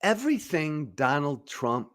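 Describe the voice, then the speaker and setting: A man's voice: on the high side, big pitch swings, measured pace, a bit bright. A middle-aged man hosting a political commentary show, speaking emphatically, with repeated phrases and stammered restarts. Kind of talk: direct-to-camera political commentary.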